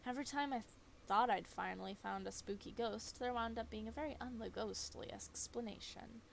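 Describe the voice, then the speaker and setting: A woman's voice: fairly high pitch, moderate pace, gravelly, a little hiss or hum. A woman voicing a breezy young woman who hunts ghosts and talks in a wry, offhand way.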